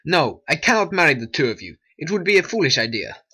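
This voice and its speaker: A man's voice: fairly high pitch, very animated, fast, bright, forceful tone, slightly rough, exaggerated voice. A man voicing a cautious old friar. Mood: grave. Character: cautious older male friar. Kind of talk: hobby stop-motion animation voice acting.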